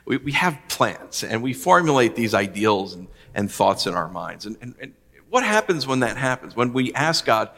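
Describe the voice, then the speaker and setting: Preacher, male, from the US: lively storyteller with a bright tone, reverb of a big room. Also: mid-range voice, normal speed. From United States. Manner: animated storytelling, acting out his own past words. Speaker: pastor. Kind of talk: sermon.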